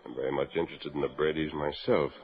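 Masked frontier hero, extremely deep voice, measured and grave, 1940s radio play. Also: male voice, fairly even intonation, gravelly. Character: calm masked frontier hero, man, steady mentor. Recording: dull old radio broadcast.

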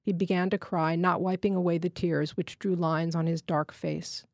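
Low-voiced woman reading literary fiction. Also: fairly even intonation, normal speed, no room sound, studio quality. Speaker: fiction reader.

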